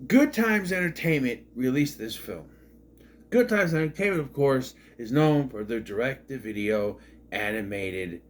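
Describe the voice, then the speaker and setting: A man giving a rambling, blunt and sarcastic casual movie review. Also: mid-range voice.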